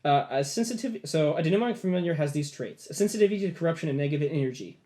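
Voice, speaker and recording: A man serves as game master, rambling through descriptions of the scene. His voice sits a little high. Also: lively intonation, racing, warm tone. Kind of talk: narrating a tabletop game.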